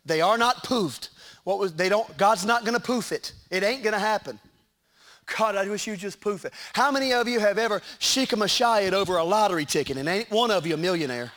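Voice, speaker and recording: A middle-aged man preaching a sermon in a church, animated, with shouted peaks and joking asides. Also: high-pitched, fairly quick. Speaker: pastor. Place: church sanctuary.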